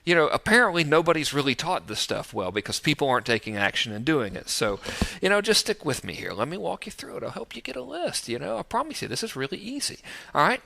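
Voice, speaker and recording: Outdoors with an ocean view, an online marketing teacher talks straight to the camera in a casual, joking, breezy way, adding playful sound effects. His voice is quick and gravelly, with a lively, widely swinging pitch and a bright, forward tone.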